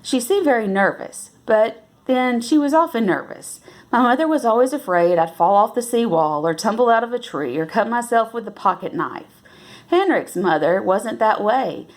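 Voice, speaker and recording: A woman reading a novel aloud at an unhurried pace, now and then correcting herself and lifting her voice for the characters' lines. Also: fairly high pitch, expressive. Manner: unhurried, with self-corrections and restarts. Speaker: reader.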